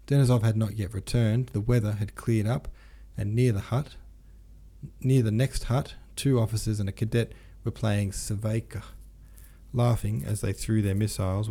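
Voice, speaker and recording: A man narrating an audiobook of a classic novel in a steady, plain reading. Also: fairly low pitch.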